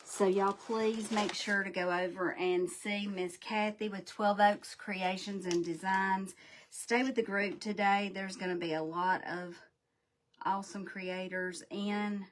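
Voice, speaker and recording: A woman's voice: medium pitch, steady tone, a little slow. A woman hosting a live craft demo, folksy and a bit scatterbrained as she talks straight to her viewers. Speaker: crafting livestream host.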